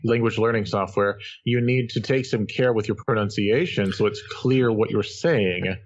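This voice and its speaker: A man co-hosting a gaming podcast, explaining things in a measured, careful way. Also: fairly low pitch, dull audio. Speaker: podcast co-host. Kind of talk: casual chat.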